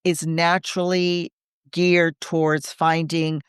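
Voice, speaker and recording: A woman's voice: lowish voice, little pitch movement, slow pace, clean tone, dry recording, studio quality. A woman who is a Catholic coach and podcast co-host, talking in an earnest, reflective way and often building lists and rhetorical questions. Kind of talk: conversational podcast chat.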